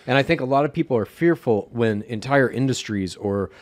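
A man's voice: mid-range voice, animated, brisk, dry recording. A man co-hosting a podcast in casual chat, matter-of-fact, argumentative and profane. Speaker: podcast co-host.

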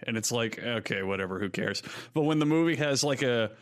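Male podcast co-host, mid pitch, lively storyteller who acts out scenes. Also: a little fast. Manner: animated storyteller, acts out movie lines. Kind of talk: casual chat.

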